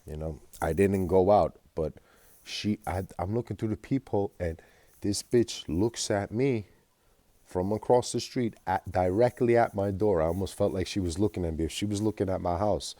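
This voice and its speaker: A man's voice: deep voice, normal speed, dark tone, no room sound. A man telling a rambling, profane personal story in a vlog, agitated and full of fillers. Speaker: vlogger.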